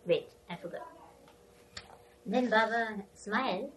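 A woman speaking English as a second language recounts anecdotes with animated delivery and frequent laughter. She often pauses to hunt for the right word. The mic sits some way off from her. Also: a little high, far from the mic, slight background noise, low-quality recording. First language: not English. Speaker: storyteller.

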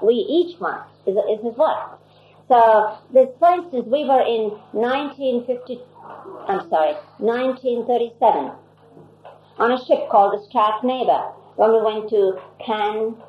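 Older woman with a higher voice. Recalls past stories haltingly. Tinny, echoey archive sound. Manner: halting, anecdotal, with many restarts. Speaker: storyteller recalling her past. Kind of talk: personal reminiscence.

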